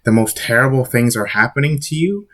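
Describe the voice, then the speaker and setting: A man's voice: mid-range voice, animated, brisk, sharp tone. A man in a mid-range voice talking straight to his viewers in a casual vlog monologue. He is blunt and swears freely, pressing his points with emphasis. He rambles, restarts his sentences and keeps asking rhetorical questions. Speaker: vlogger.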